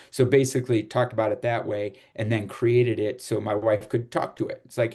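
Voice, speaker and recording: Chill guy from chicago hosting a video call, lowish voice, lots of ums and chuckles. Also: brisk, few pauses. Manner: relaxed, rambling with fillers and laughs. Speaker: host. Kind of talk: casual group chat.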